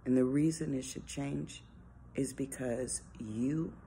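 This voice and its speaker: A woman's voice: extremely low pitch, slow pace, dark tone, slight background noise. A woman giving an informal devotional talk, earnest and conversational, asking rhetorical questions. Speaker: devotional speaker.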